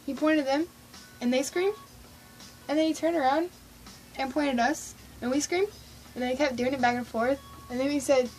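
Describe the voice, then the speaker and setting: A woman with a high, bright-sounding voice tells a story for her vlog in a gushing, excitable rush, reenacting her own squeals. Faint music plays softly behind her. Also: normal speed, pauses often, poor audio. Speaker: vlogger recounting a concert.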